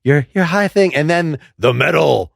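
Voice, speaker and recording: A man's voice: on the high side, animated, normal speed, vocal fry, dry recording, studio quality. A man hosting a music podcast, asking long, meandering questions in a casual, inquisitive way. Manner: inquisitive, rambling questions with frequent laughs. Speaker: podcast host. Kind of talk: casual interview chat.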